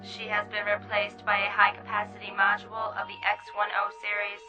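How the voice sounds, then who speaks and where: A woman voicing a calm, dutiful factory computer that makes flat, mechanical announcements in an old radio drama. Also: medium pitch, a little fast, faint music behind. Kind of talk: 1960s radio drama acting.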